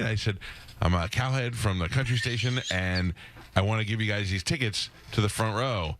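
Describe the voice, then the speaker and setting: A man's voice: fairly low pitch, background noise. A male radio host telling stories in casual studio chat and acting out the people he quotes. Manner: fast-talking storyteller, acts out quoted voices.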